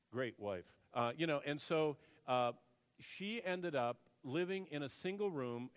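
A man preaching a sermon and telling a story, dropping to a hush and then rising to loud emphasis. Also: mid-range voice. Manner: storytelling, swings between hushed and loud emphasis. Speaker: pastor. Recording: long hall reverb.

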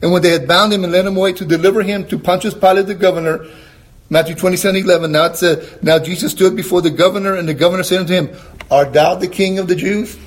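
A man preaching a sermon, emphatic and questioning his listeners, reading scripture in a slower, lower tone and often clearing his throat. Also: fairly even intonation. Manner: emphatic, rising to high exclamations, asks the congregation questions.

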